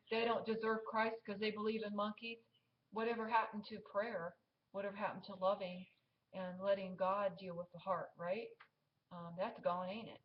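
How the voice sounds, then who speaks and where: A woman's voice: medium pitch, highs cut off, a little hiss or hum. A woman vlogger preaching to her viewers in an emphatic, scolding way, full of fillers and restarts. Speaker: Christian vlogger. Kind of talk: preachy exhortation to camera.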